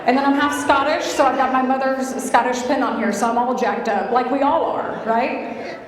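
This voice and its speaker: A woman's voice: high-pitched, steady tone, moderate pace. A woman from California, giving a playful, chatty keynote speech and talking to the crowd in a hotel conference hall. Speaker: keynote speaker. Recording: echoey hall, mic from far off.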